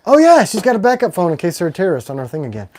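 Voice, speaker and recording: A man hosting a casual livestream, rambling and excitable, with sudden swings between loud and quiet. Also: high-pitched, rapid-fire, a little hiss or hum. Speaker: knife maker hosting a livestream.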